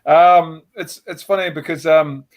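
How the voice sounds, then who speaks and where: A man's voice: fairly high pitch, steady tone, unhurried. A Scottish man in his forties, a comedian telling a rambling, blunt, self-mocking story on a panel show. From Scotland. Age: 40s. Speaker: stand-up comedian.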